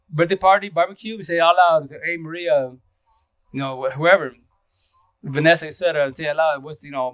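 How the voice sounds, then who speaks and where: Casual livestream host, male, rambling and slangy, quick delivery with frequent laughs. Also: a little high, a bit bright, no room sound. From Eastern Washington, USA. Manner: rambling, slangy, laughs often, greets viewers.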